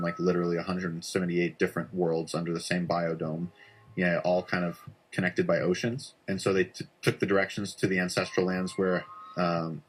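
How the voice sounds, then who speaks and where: Low monotone dude rambling through a tale, lots of likes and ums. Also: male voice, a little hiss or hum. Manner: rambling, full of "like" and "um". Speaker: storyteller. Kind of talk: casual conspiracy storytelling for social video.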